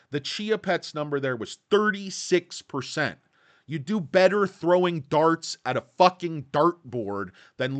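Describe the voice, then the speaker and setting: Man, stock vlog host, angry crude ranter, very animated delivery. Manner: angry ranting, crude insults, lively pitch swings. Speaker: stock market vlogger host. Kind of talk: ranting market commentary. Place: Los Angeles.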